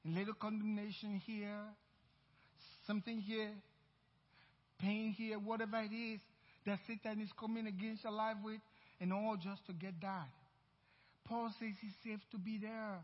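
A man's voice: sits high, flat delivery, moderate pace, pauses often. A male pastor preaching a sermon, emphatic, repeating his lines and drawing out key words. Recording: dull recording in a reverberant church hall.

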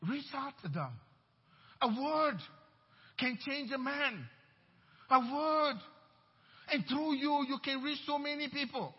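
A man preaching a sermon as pastor in a church, emphatic and repeating his phrases. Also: extremely high pitch. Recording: dull, echoey church hall.

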